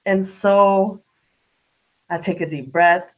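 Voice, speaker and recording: Low-voiced woman in her forties, candid storyteller. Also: a little slow, rough recording. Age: 40s. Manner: candid, slangy, animated when retelling, hushed when grieving. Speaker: vlogger. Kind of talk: personal diary vlog, reflective storytelling.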